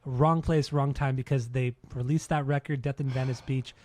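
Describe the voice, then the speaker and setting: A man's voice: mid-range voice, fairly even intonation, moderate pace, darkish tone. A man in his thirties hosting a casual podcast, rambling and swearing with lots of restarts. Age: 30s. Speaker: podcast host.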